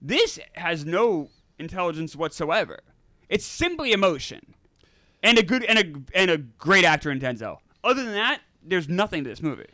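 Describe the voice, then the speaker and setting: Blunt, lively-voiced man in his forties. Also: sits high, normal speed, dry recording, studio quality. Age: 40s. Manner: blunt, opinionated critique. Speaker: podcast co-host. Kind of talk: casual film review chat. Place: studio.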